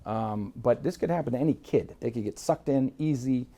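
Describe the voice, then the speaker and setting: A man's voice: medium pitch, normal speed, warm tone. A man from Miami who tells casual stories as a guest, bluntly and with swearing, acting out the voices of others. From Miami, United States. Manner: blunt, swears freely, acts out quotes. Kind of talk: casual storytelling.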